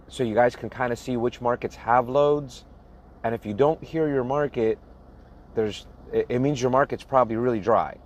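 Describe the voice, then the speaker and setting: Reading out a list of places for his viewers, a man who vlogs as a box truck owner-operator speaks slowly and plainly in a mid-range, slightly mellow voice. He laughs at his own mispronunciations as he goes.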